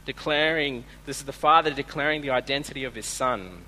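A man preaching a sermon as a pastor, earnest, moving between soft asides and emphatic points while reading scripture aloud. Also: mid-range voice, normal speed, poor audio.

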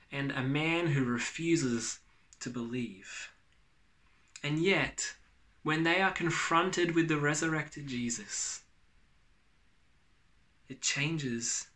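Bright-voiced male preacher. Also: on the high side. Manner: earnest, emphatic preaching with repeated phrases. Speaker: pastor. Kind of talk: sermon.

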